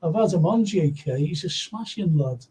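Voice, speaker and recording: A man's voice: a little high, expressive, moderate pace, dark tone, rough recording. A man hosting a casual live football chat, rambling and reading out viewer comments. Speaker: host.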